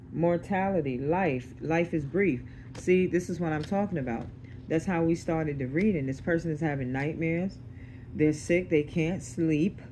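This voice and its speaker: With a mellow, mid-range voice and a little background noise, a tarot reader does an easygoing reading to camera. Her delivery is blunt and profane, and she checks in with the listener again and again with "okay?"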